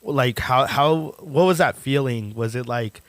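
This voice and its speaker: A man's voice: medium pitch, a little slow, no room sound. Man, mid voice, dry close sound, casual podcast host. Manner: asks rambling questions, with laughs. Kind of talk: casual chat.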